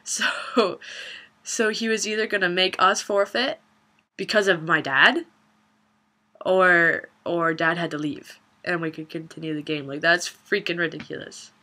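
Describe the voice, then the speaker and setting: Young woman w a bright voice, chatty vlog story, swears a lot, laughs along. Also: on the low side, measured pace. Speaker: vlogger.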